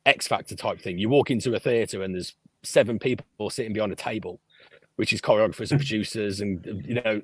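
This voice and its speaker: A man, a podcast guest telling lively stories about his life and swearing freely. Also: on the low side, no echo. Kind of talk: casual storytelling interview.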